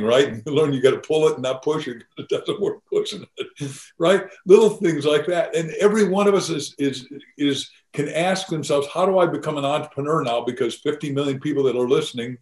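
A man's voice: medium pitch, darkish tone. An older man from the United States, a guest author talking in an emphatic, motivational way in an interview. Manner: emphatic, motivational, laughs between points. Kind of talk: enthusiastic interview talk. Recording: roomy echo.

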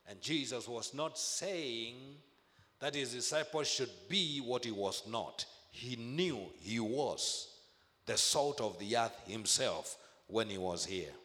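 A man preaching a sermon, emphatic, repeating phrases and slowing to stress key words. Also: mid-range voice, expressive, pushed and bright, long reverb tail.

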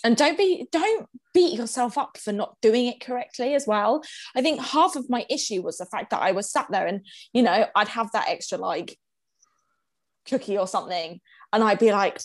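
Young woman, candid and animated, frequent laughs, slightly high voice. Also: normal speed. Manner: animated, swears freely, laughs often. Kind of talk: casual chat.

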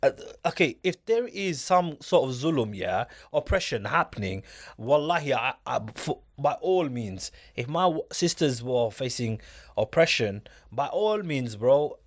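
A man's voice: medium pitch, very animated, measured pace. A man in a casual discussion, speaking emphatically and often asking his listener if he gets it. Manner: emphatic, keeps asking "do you get it?".

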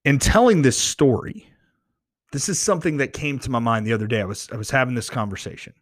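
A man telling a personal faith story to his audience into a close microphone, earnest and excitable, often restarting phrases as he gets worked up. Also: medium pitch, fast, dry recording. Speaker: podcast host. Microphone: close studio microphone.

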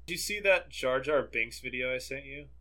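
Young male co-host, casual, rambling, curses freely, bright forward voice. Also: mid-range voice, normal speed. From southern United States. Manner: rambling, swears, laughs often. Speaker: podcast co-host. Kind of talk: casual chat.

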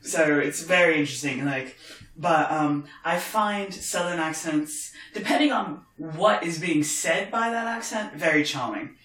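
A man's voice: a little high, measured pace, fairly bright tone. A man with a posh London accent and northern tweaks, chatting wryly as a podcast co-host at home. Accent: posh London English with northern tweaks. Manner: chatty, wry and joking. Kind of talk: casual chat over wine. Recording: roomy echo.

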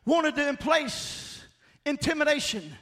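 High-pitched shouting preacher man. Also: animated, slow. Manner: emphatic, call-and-response, often shouting and laughing. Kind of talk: sermon.

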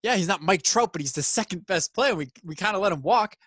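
A man's voice: high-pitched, expressive, fast, fairly bright tone, no room sound. Rambling man talking sports. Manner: rambling, lots of "like" fillers. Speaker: podcast co-host. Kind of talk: casual sports chat.

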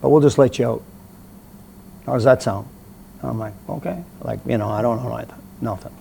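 A middle-aged man with a rough, gravelly edge tells his story bluntly and with plenty of swearing. He talks in a casual interview setting, and a faint noise floor sits under the recording. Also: medium pitch, fairly quick. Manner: blunt, profane, animated anecdote teller. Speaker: interview guest.

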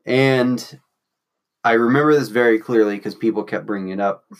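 A young man from Louisville chats loosely on a podcast, telling stories in a rambling way. His voice sits at an ordinary middle pitch, and he drops crude asides without fuss. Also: normal speed. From Louisville, Kentucky. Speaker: podcast co-host. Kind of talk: casual chat.

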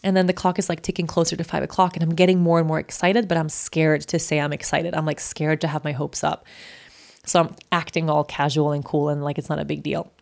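Female host, lowish voice with some fry, candid and conversational story monologue. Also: flat delivery, brisk, a little mellow. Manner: candid, chatty, full of fillers. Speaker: podcast host.

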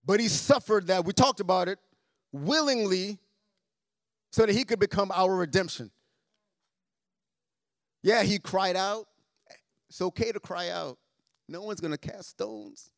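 A man with a fairly high voice preaches to his congregation, repeating phrases and swinging from hushed to loud. The sound is dry and close. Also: a little slow, gravelly, long pauses, dry recording. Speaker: pastor. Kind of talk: sermon. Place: church sanctuary.

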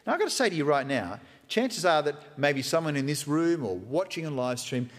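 A man preaches a sermon in a church hall, in a conversational, joking way that keeps slipping into acted-out quotes. His voice sits a touch high and swings widely in pitch. A long hall reverb trails every phrase. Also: big pitch swings, brisk. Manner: conversational and humorous, acting out quotes. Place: church hall with live stream.

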